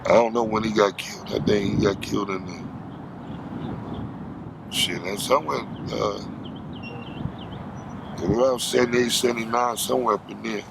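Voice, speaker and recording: A man's voice: fairly low pitch, steady tone, moderate pace, gravelly, pauses often, background noise. A man from Los Angeles telling stories in an interview, heavy with street slang. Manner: street slang, acts out quoted voices. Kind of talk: storytelling interview.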